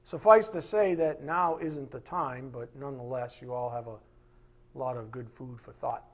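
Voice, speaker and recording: A man's voice: medium pitch, normal speed. A man pastor preaching a sermon with emphatic, impassioned delivery, acting out quoted voices along the way.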